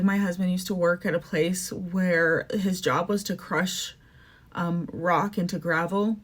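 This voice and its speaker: A young adult woman from Canada hosting a podcast, ranting casually and with emotion, full of "like" and "um". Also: medium pitch. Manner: emotional, fast-shifting, says "like" and "um" often. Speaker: podcast host. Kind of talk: casual opinion rant.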